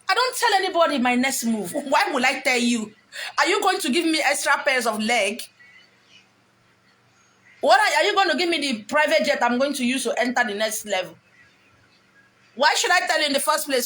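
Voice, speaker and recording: A middle-aged woman with a Nigerian accent gives her viewers a blunt telling-off. She drops into pidgin now and then. Her voice sits slightly high, and her tone stays scolding and direct. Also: fairly bright tone. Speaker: vlogger. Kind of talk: talking to camera, advice rant.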